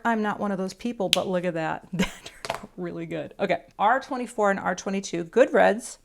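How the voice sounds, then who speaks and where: A woman's voice: medium pitch, slight background noise. A woman teaching card coloring in a casual, chatty talk-through, self-deprecating and muttering to herself as she works. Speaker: craft teacher.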